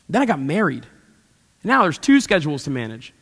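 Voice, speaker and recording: A man's voice: on the high side, big pitch swings, a little fast, a bit bright, big-room sound. A young adult man preaching a sermon from a church stage, telling stories with animation and playful asides to the congregation. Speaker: pastor.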